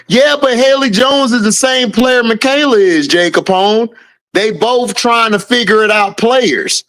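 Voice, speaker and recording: A man with a high-pitched voice hosts a laid-back livestream, greeting viewers by name and laughing through his replies. He takes his time and speaks. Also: takes it slowly, fairly bright tone. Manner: reads out viewer names and answers chat, laughs often. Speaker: livestream host. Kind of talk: casual live-chat commentary.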